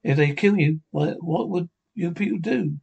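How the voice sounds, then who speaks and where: A man's voice: fairly high pitch, normal speed, vocal fry, a little mellow, breathy edge, dull audio. A man reading out a TV episode script, voicing all the parts himself, often stumbling and restarting words.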